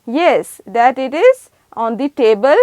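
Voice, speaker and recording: A woman's voice: sits high, animated, slow pace, a little mellow, no room sound. A woman teacher, reading a children's story aloud in an online class, retelling each line simply and quizzing the children. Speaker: school teacher.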